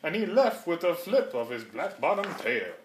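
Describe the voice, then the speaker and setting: A man's voice: on the high side, big pitch swings, normal speed. Sing-song man reading a rhyming storybook. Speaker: reader. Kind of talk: storybook read-aloud. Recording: roomy echo.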